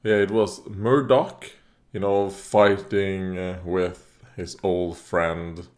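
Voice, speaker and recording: A man's voice: deep voice, steady tone, slow pace, a little mellow. A man hosting a reaction video, chatting casually as he watches, rambling with fillers, coughing now and then and talking back at the screen. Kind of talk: casual commentary while watching.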